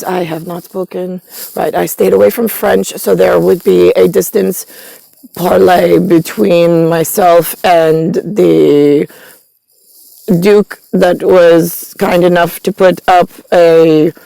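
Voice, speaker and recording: Slow, gravelly woman rambling. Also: on the low side, dark tone, no room sound. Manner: disjointed, meandering, full of fillers and stray foreign words. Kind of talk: rambling monologue.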